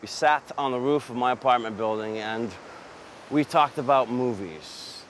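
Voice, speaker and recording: A man performing a dramatic film monologue as a weary, wistful gay storyteller, swinging from fervent outbursts to hushed confessions. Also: mid-range voice, measured pace, soft background music, natural voice. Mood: fond.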